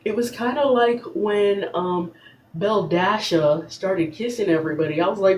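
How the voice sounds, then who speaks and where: A young woman hosting a casual recap show, talking in a sassy, animated way and laughing as she goes. Her voice sits at a middling pitch and rings in an echoey room. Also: moderate pace. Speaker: podcast host.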